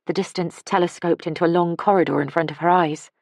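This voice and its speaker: A woman narrates a novel with a calm, measured delivery. Her voice sits low, and the recording is close and dry with no room sound. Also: no room sound. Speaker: audiobook narrator. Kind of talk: scripted narration.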